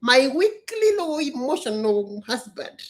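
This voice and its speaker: A man's voice: extremely high pitch, sing-song, a little slow, fairly bright tone, pitched above the performer's own voice, heavily acted. A man imitating a demanding wife who insists on an apology for her husband. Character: demanding angry middle-aged wife.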